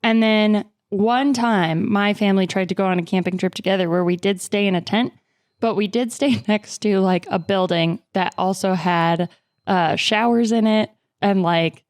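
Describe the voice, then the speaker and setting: A woman's voice: mid-range voice, normal speed, dry recording. A woman chatting casually on a tabletop game podcast, rambling with lots of likes and uhs. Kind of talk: casual chat.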